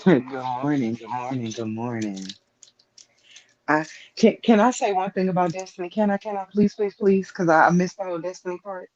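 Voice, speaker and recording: Emphatic high-voiced man ranting. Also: steady tone, fast. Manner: emphatic, repeats rhetorical questions. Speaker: guest on live stream. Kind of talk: casual opinion talk. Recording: dull lo-fi stream audio.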